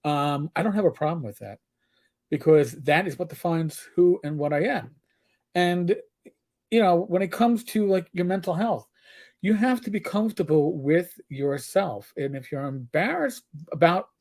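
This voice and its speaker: A man's voice: fairly high pitch, expressive, normal speed, a little mellow. An older man with a New York accent co-hosting a live stream, talking candidly in a rambling, swearing way. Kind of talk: casual live-stream chat.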